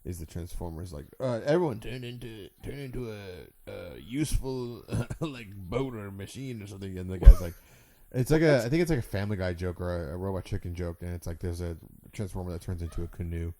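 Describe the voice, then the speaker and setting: A man co-hosting a casual podcast, laughing often and acting out quoted cartoon lines in loud voices. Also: low-pitched, a little fast. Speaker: podcast co-host. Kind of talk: casual chat.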